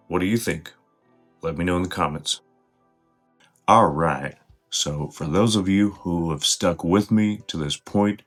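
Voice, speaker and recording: Slow, low-voiced man vlogging. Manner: relaxed, explanatory, addresses viewers directly. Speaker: vlogger teaching slang. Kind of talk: casual talk to camera.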